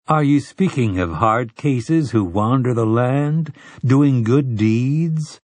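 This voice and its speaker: A man voicing a skeptical townsman who speaks in a gently mocking way, pitched above his usual reading voice. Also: takes it slowly, dry recording.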